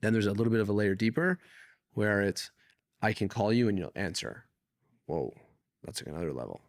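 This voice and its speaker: A man from Canada talks through his stories as a podcast guest. His voice sits low and carries a rough, gravelly grain. He is animated and curses casually, and the dry sound leaves no trace of the room. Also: brisk, dry recording. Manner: animated, swears freely, acts out quoted people. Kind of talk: casual conversational storytelling.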